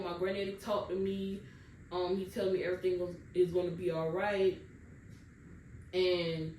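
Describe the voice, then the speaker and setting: A woman's voice: fairly low pitch, darkish tone. A young woman tells her own birth story to viewers in a casual, emotional way and keeps calling them y'all. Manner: addresses viewers as y'all often, casual Southern US dialect. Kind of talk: emotional personal storytelling to camera. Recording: roomy sound from a distance with faint background noise.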